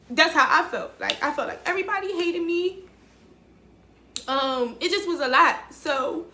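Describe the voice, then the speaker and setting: A woman's voice: high voice, pushed and bright, roomy sound, slight background noise. A young woman, telling a raw personal story to her viewers, blunt and emotional and swearing freely. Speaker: vlogger. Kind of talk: candid storytelling to camera.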